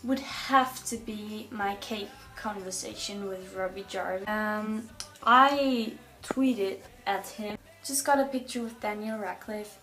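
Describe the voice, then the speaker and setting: A young woman vlogging casually, telling funny stories in an animated way and acting out the people she quotes. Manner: animated, acts out quoted dialogue with bursts of pitch. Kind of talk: casual storytelling vlog.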